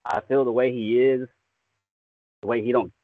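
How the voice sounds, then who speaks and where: A man's voice: mid-range voice, steady tone, moderate pace, no echo. A man, a voice actor guest, chatting casually and enthusiastically, often saying "man" and "dude". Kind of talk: casual podcast chat. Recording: tinny phone-like line, dry.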